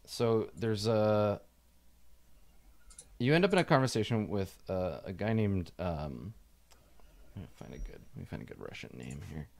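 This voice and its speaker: A man's voice: fairly low pitch, lively intonation, normal speed, creaky, pauses often, darkish tone. A man narrating as game master of a tabletop game, rambling with fillers and restarts.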